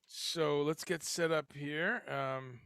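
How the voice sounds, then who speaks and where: A man's voice: a little high, steady tone, takes it slowly, a bit bright, clear, resonant tone, no room sound. A man hosting a casual livestream chat, talking in a rambling way with lots of fillers and restarts. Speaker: livestream host. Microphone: headphones and home streaming setup.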